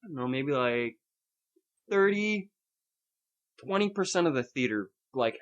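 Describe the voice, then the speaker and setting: Swearing, animated ranting man. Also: mid-range voice, normal speed, pauses often. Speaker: podcast host. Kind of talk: casual chat.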